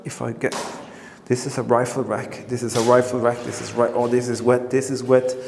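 Excitable man in an echoey bunker. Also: medium pitch, a little fast, gravelly. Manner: excitable, exclaims and repeats himself. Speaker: history explorer vlogger. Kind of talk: excited exploration commentary. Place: underground bunker, indoors. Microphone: handheld camera mic. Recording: echoey bunker with long reverb, faint noise.

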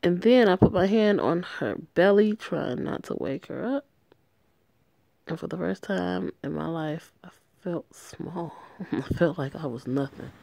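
A woman's voice: on the low side, expressive, unhurried, gravelly, dark tone, no echo, exaggerated voice. A woman voicing a tender, remorseful young male gang member as she reads a story game aloud in an earnest, emotional way.

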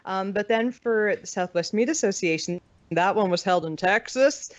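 A woman's voice: mid-range voice, moderate pace, dry recording. An American woman chatting as a podcast guest, candid and laughing often, swearing freely. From United States. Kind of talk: casual chat. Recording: dull lo-fi podcast audio.

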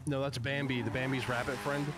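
A man's voice: mid-range voice, steady tone, fairly quick, noisy background. A man bantering casually in a role-play game, goofy and defensive, often laughing.

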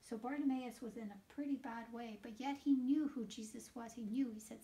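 A woman leading a children's liturgy, reading scripture aloud and explaining it to children in an animated storytelling way, sometimes dropping to a whisper. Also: a little high, moderate pace, few pauses. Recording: voice picked up from a distance.

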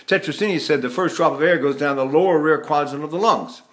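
A man's voice: fairly high pitch, quick pace. An older man from the United States giving a vocal lesson, talking in a rambling way and breaking into sung demonstrations. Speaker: voice teacher.

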